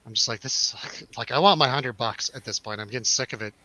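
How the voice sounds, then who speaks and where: Young male co-host, animated storyteller, bright tone, dry close mic. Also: mid-range voice, fast talker, few pauses, dry recording, rough recording. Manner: animated storyteller, swearing, acts out quotes. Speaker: podcast co-host. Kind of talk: casual chat.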